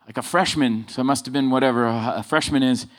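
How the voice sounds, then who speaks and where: A man preaching a sermon full of personal stories, swinging between loud emphasis and low asides. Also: quick pace. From Southern California.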